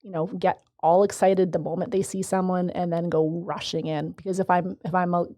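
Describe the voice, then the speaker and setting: A woman co-hosting a podcast, calmly talking through dog-training steps in a practical way. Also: on the low side, fairly quick, dry recording, clean studio sound. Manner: practical, step-by-step, with fillers. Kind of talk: casual conversational podcast.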